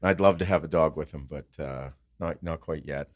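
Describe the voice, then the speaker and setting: With a very deep voice at a moderate pace, this man hosts a podcast and shares family stories in relaxed conversation. He swears a lot and animatedly voices the people he quotes. The recording is dry and studio quality.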